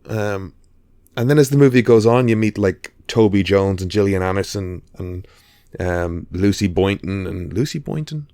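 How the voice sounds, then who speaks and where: A man's voice: deep voice, expressive, normal speed, a little mellow, smooth, dry recording, clean studio sound. A man co-hosting a podcast, chatting casually about films, rambling with lots of fillers and restarts. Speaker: podcast co-host. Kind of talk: casual chat.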